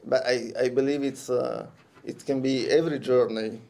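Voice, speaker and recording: A man with an Italian accent presents a talk at a conference. His voice is dark and mellow. He speaks haltingly, restarting phrases and filling pauses as he feels his way through the English. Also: medium pitch, fairly even intonation, vocal fry. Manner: hesitant, many restarts and fillers. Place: conference room.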